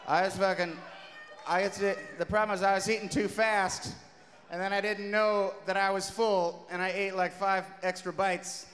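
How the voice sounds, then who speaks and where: A man on stage telling a loose, profane story between songs, with bursts of shouting. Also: high voice, level tone, moderate pace. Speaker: comedy band frontman. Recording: live hall reverb, faint noise.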